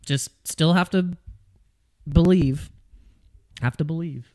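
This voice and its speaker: A man hosting a casual livestream chat, relaxed and laughing, often repeating words. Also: on the high side, slow pace. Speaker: host.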